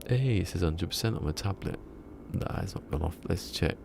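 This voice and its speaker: A man's voice: low voice, expressive, normal speed, gravelly, background noise. A man streaming a game and chatting casually to his viewers, rambling and laughing at his own jokes. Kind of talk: casual live-stream chat.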